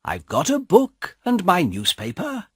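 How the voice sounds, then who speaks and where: A man doing a quiet, fussy man of fifty. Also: high voice, wildly swooping pitch, unhurried, husky, no room sound, clean studio sound, voice pushed up, full character voice. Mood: musing. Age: 50s.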